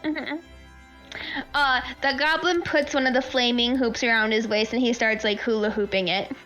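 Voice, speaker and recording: A woman narrating as game master of a tabletop game, rambling with lots of fillers and quick to laugh. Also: fairly high pitch, fairly even intonation, a bit bright, muffled recording, soft background music.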